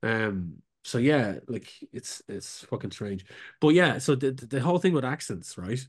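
Man, podcast co-host, rambling and sweary, mid-pitched voice. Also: expressive, normal speed, breathy edge. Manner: rambling, full of fillers and sweary asides. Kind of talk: casual pub chat.

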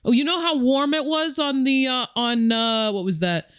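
A young woman with a Chicago accent, co-hosting a casual comedy podcast with loud, brash, laughing rants. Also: sits high, normal speed, clear, resonant tone, no room sound, studio quality. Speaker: podcast co-host.

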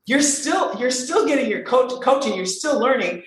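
Woman voice coach, lively swooping delivery, heavy room echo. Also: high voice, moderate pace, few pauses. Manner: animated, playful, emphatic repetition. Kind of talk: casual interview talk. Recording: very echoey room.

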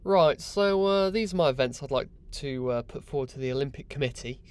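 A man's voice: medium pitch, animated, fairly quick, a little mellow, smooth, faint music behind. A young man hosting a podcast, mocking and exasperated in a sweary comic rant. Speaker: podcast host.

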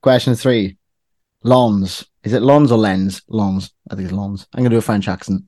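A man's voice: on the low side, fairly even intonation, normal speed, darkish tone, dry recording. A man hosting a casual football quiz among friends, teasing and reading lists of clubs aloud. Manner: reads clubs out one by one in a teasing tone. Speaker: quiz host.

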